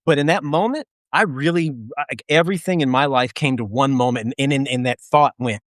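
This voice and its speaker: A man co-hosting a casual chat, telling an army story in an animated, profane way with frequent laughter. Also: medium pitch, fairly quick, hardly any pauses, no echo, clean studio sound. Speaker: podcast co-host.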